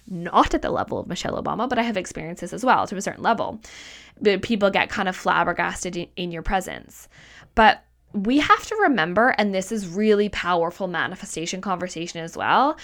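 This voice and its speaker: A woman talks through a solo podcast episode as a mindset coach, her pitch leaping up and down as she drives each point home. She is emphatic and casual, repeats key lines for weight, and drops the odd swear word. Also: a bit bright.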